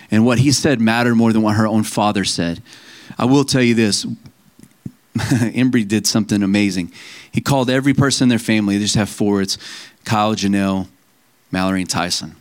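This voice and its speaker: Storytelling preacher man mid-sermon. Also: on the low side. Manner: conversational, storytelling, laughs at himself.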